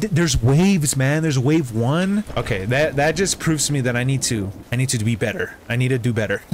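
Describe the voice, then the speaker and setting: A man streaming a game, talking casually and reacting with excited exclamations and sudden high yelps. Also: slight background noise. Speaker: gaming streamer. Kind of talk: casual gameplay commentary. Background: background music.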